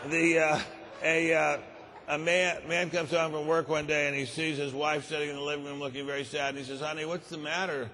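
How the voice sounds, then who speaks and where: A man telling jokes at a conference in a dry, unhurried way, with frequent uhs. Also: a little high, little pitch movement, pushed and bright, a little hiss or hum. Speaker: conference speaker. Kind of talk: stand-up joke telling. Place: large conference hall. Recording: long reverb of a large conference hall.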